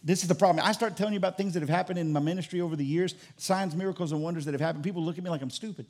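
A male pastor preaching a fervent sermon, swinging from loud calls to hushed asides. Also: sits high, racing.

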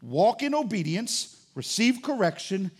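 Pastor, male, very high and animated delivery, playful sermon with jokes. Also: measured pace, breathy edge. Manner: lively, joking, preaching with acted-out asides.

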